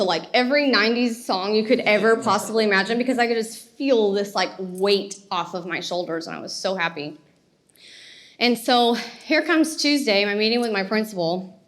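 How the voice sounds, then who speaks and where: A woman, giving a motivational talk and telling her story in an animated way with laughter. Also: medium pitch. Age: 30s. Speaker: speaker.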